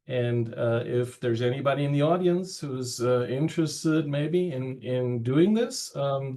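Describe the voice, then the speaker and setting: A man with a German accent giving seminar opening remarks as a research network director over a video call, halting with many fillers and pauses. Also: mid-range voice, darkish tone.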